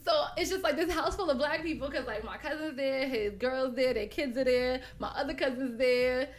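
A woman telling a story on a casual podcast, animated, cursing freely and acting out quotes. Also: high voice, moderate pace. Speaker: podcast host.

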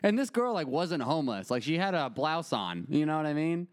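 A man's voice: on the high side, very animated, a little fast, no echo, clean studio sound. A man co-hosting a comedy podcast, telling stories in a crude, joking way and laughing often. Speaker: podcast co-host. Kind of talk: casual comedic chat.

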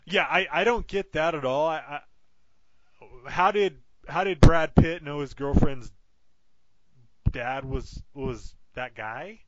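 A man's voice: a little high, slow, pauses often, a bit bright, dry recording. A man co-hosting a casual movie podcast, incredulous and swearing casually as he reacts. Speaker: podcast co-host. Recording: dull lo-fi audio with faint noise.

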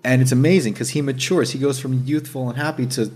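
A man's voice: medium pitch, husky. A man hosting a casual chat, telling a story with energy, swearing and acting out what others said. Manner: animated, slangy storyteller who swears and says dude and bro; acts out others' words in quick asides.

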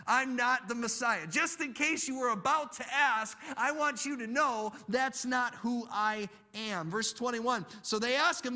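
Bright, high-voiced preaching man. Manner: earnest, emphatic preaching with dramatic pauses. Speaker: pastor. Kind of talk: sermon.

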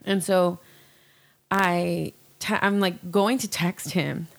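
A young woman with a lowish, creaky voice speaks slowly in a steady tone during casual chat. She tells a personal story candidly and ramblingly, full of fillers, restarts and swearing.

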